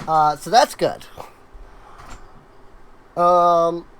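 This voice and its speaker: A woman narrating a tabletop game as game master, halting with many fillers and restarts. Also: fairly low pitch, fairly even intonation, slight background noise, poor audio.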